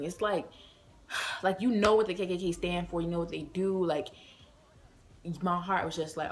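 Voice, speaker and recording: A woman with a voice a little on the low side tells a storytime vlog to her viewers. She talks loosely and casually, packing her sentences with fillers and calling out to y'all. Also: steady tone, normal speed, long pauses. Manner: chatty, many fillers, addresses viewers as y'all. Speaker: vlogger.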